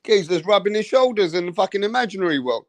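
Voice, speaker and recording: A man with an English accent giving a profane, comedic rant as a boxing commentator, animated and full of swearing and mocking impressions. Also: sits high, fast, no echo.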